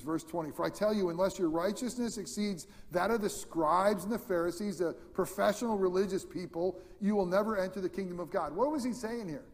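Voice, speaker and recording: A male pastor preaching a sermon, swinging between loud emphatic peaks and hushed, almost whispered lines. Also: high-pitched, big-room sound.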